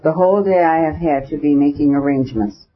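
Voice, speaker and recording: A man's voice: fairly high pitch, a little fast, close to an everyday voice. A man reading as a crushed, self-pitying official. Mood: despairing. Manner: plaintive and stiffly formal. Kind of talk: audiobook character reading. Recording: dull lo-fi recording.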